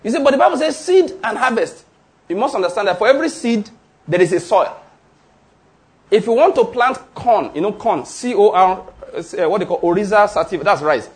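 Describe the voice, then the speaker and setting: A man's voice: high-pitched, expressive, a little fast. A man preaching a sermon, emphatic and drawing answers from the congregation. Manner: emphatic call-and-response preaching. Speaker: pastor.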